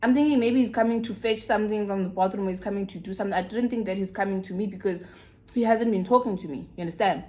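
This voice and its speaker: A young woman with a South African accent, telling a personal story in a casual, animated way with big swings in pitch. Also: fast. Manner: animated, dramatic retelling with swooping pitch. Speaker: YouTuber.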